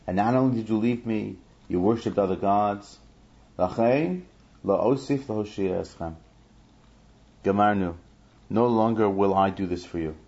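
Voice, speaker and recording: Male Bible teacher with a low, mellow voice; reads each verse aloud, then explains it. Dull lo-fi recording. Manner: chants Hebrew verses then explains them in English.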